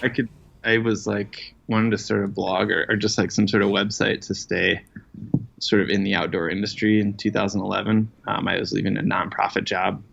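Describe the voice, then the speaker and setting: A low-voiced outdoor writer, gravelly and flat, talks a little fast as a guest in a casual interview. He's self-deprecating and rambles with many "um"s and "you know"s, on a dull lo-fi recording.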